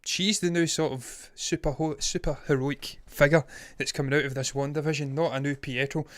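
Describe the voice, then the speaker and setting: A man co-hosting a casual film review podcast, chatty and quick to laugh. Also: a little high, steady tone, fairly bright tone, dry recording, clean studio sound. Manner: chatty, laughs easily, reads quotes aloud. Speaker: podcast co-host.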